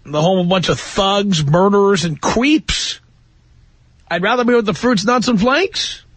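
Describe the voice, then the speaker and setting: A man's voice: high-pitched, unhurried, a bit bright, no echo. A man in his fifties hosting a call-in radio talk show, opinionated and wry. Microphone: studio microphone.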